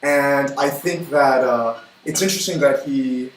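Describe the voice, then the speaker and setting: A man hosting a cooking livestream, talking in a chatty, upbeat way with quick asides while he cooks. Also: mid-range voice. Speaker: cooking show host. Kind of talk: casual cooking livestream chat. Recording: echoey room from far off, faint noise.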